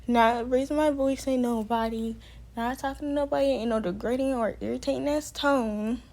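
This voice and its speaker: A woman's voice: on the high side, fairly even intonation, normal speed, darkish tone. A young woman telling a storytime vlog in a heated, profane way. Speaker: vlogger.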